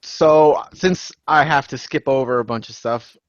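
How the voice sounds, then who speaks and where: A male podcast co-host in casual chat, unhurried and a little scattered. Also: medium pitch, no room sound. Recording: dull lo-fi sound.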